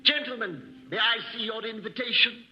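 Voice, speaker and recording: A man's voice: very high voice, normal speed, sharp tone, soft background music, exaggerated voice. A man playing a formal, sarcastic doorman at a ball in a 1940s radio comedy. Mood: stuffy. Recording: dull 1940s radio transcription, roomy.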